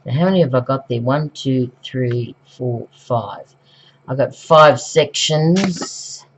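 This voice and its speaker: Speaking slowly at an extremely low pitch, a middle-aged Australian woman still getting over the flu rambles through a craft tutorial at home, full of ums and corrections to herself. She's a craft vlogger, and her lo-fi home recording sounds dull and carries a faint hiss or hum.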